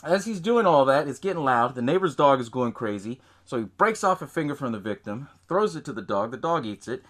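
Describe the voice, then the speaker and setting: Lively, rambling podcast host recapping a film. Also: male voice, medium pitch, brisk. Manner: rambling, profane, laughs at own retelling. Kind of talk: casual movie recap.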